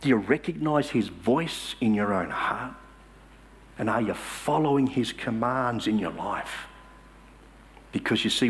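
A man's voice: on the low side, a bit bright, husky. Guy preaching in church, swoops up and down a lot, leans hard on his points. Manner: emphatic, rhetorical questions to the congregation. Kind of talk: sermon.

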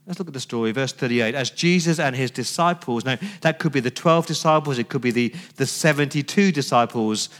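A man's voice: medium pitch, fairly quick, hardly any pauses, fairly bright tone. A man giving a sermon as pastor, telling the story conversationally with rhetorical questions.

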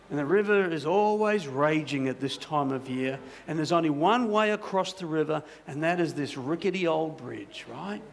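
Gravelly-voiced pastor telling a story. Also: male voice, fairly high pitch, a little hiss or hum. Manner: conversational, many "you know" asides. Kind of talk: sermon with storytelling.

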